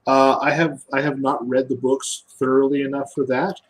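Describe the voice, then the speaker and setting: A man's voice: mid-range voice, flat delivery, moderate pace, breathy edge, low-quality recording. A man, a podcast guest, explains game rules casually, often restarting and repeating words. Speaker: guest game designer previewing a rulebook.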